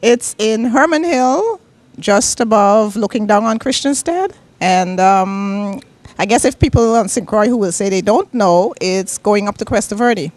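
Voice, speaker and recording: A woman's voice: mid-range voice, animated, a little slow, a little mellow, no echo. Poised woman innkeeper and realtor. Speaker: bed and breakfast owner and realtor.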